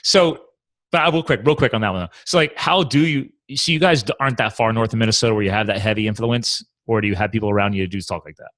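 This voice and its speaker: A man's voice: on the low side, fast talker, fairly bright tone, no echo. A man in his thirties hosting a casual interview podcast, rambling and jokey, often laughing. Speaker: podcast host.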